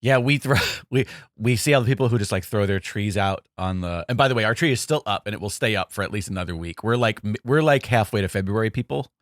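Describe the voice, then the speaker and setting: A man with a lower voice chats casually on a podcast. He talks in loose, filler-heavy sentences and reacts quickly to his co-host. The sound is close and dry. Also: no room sound. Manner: chatty, many fillers, quick reactions and backchannels. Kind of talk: casual conversation.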